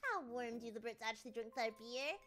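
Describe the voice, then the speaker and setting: A woman from the UK streaming casually, answering viewer questions in an excitable, giggly, rambling way. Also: on the high side, a little fast, soft background music. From United Kingdom. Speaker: VTuber streamer.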